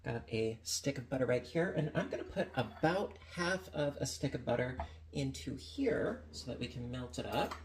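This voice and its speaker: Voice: medium pitch, expressive, normal speed, slight background noise. A home baker chatting casually in a kitchen while demonstrating a recipe, playful and full of jokey asides. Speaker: home baking vlogger.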